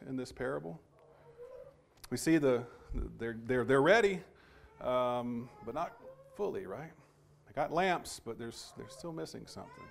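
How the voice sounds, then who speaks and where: Man preaching a measured Sunday sermon. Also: medium pitch, creaky. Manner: measured, with frequent restarts and pauses. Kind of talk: sermon with scripture reading.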